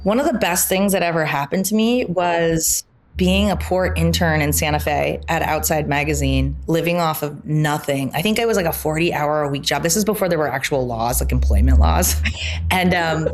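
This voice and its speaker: A woman guest speaks in a slightly low voice, recounting her past in a casual, animated way. She laughs often and talks with lots of "like" and quick asides. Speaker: podcast guest, founder. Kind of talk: casual interview chat.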